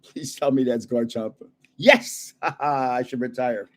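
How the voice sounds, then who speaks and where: A man's voice: mid-range voice, steady tone, a little slow, darkish tone. An older man hosting a livestream, chatting casually and chuckling at himself as he guesses card names. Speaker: card-collecting livestream host. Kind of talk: casual live chat while opening card packs.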